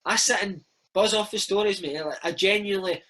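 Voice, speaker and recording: A Scottish man in his thirties telling stories in a casual, animated chat, saying "mate" a lot. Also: sits high, brisk. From Scotland. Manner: chatty, animated storytelling with frequent "mate" and "man". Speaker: interview guest, former footballer and podcast host.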